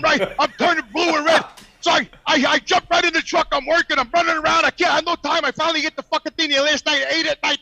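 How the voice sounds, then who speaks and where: A man's voice: very high-pitched, gravelly, pushed and bright, dry recording. A man with a New York accent, telling a profane story by phone from his truck cab while driving. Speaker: regular guest calling in. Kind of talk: casual storytelling.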